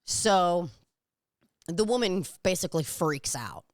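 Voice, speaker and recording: A woman's voice: on the low side, animated, measured pace, no room sound, studio quality. A young woman co-hosting a podcast, rambling through a story in casual chat and swearing freely. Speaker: podcast co-host.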